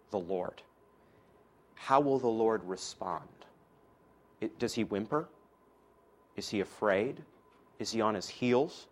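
Man preaching with big loud-to-soft swings. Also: lowish voice. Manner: swings from loud emphatic declarations to soft quiet asides, joking with the audience. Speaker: preacher and teacher. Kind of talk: sermon to a class.

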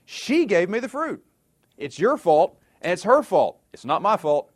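A man voicing Adam as a whiny grown man pushing the blame onto others, in a high, defensive voice. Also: sing-song, a little slow, heavily acted. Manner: whining, defensive.

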